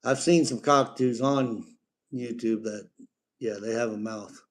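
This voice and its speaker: A man's voice: medium pitch, fairly even intonation, unhurried. A middle-aged man, chatting casually on a live stream about his pet parrot and breaking off to talk to the bird.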